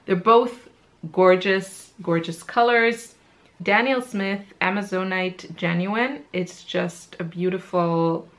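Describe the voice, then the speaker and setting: An art supply reviewer with a medium-pitched, slightly bright voice chats casually about her favorite paints. She's enthusiastic and says um a lot, repeating her praise often in this laid-back product talk.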